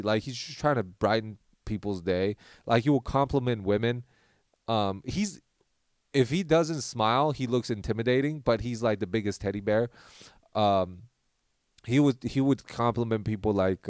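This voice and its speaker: A young man, a podcast host, tells a rambling, animated story in casual chat and acts out what people said. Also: medium pitch, smooth, no echo, clean studio sound.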